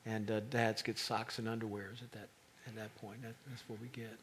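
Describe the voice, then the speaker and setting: A middle-aged man preaching a sermon, animated and rising to emphatic peaks. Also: lowish voice, normal speed, slight background noise.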